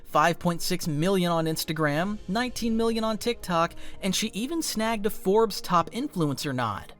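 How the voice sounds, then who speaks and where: Lively scripted documentary narrator. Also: mid-range voice, moderate pace, soft background music. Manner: punchy, conversational storytelling.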